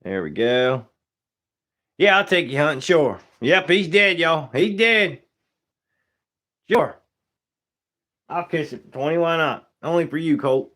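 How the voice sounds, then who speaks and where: Taking his time with long pauses, a young taxidermist talks on a live stream while working, greeting viewers by name and joking in a laid-back, Southern-style casual way. His voice runs high and a bit bright, swinging widely in pitch.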